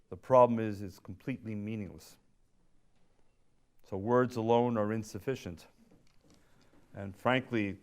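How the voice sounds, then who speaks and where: A man delivering a public speech as featured speaker, with measured pacing, deliberate pauses and emphatic stresses. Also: on the low side.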